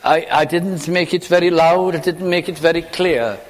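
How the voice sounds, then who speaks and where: A man's voice: a little high, steady tone. Man preaching in a reverberant church. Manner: slow, emphatic preaching with hushed, falling phrases. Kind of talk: sermon. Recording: long hall reverb.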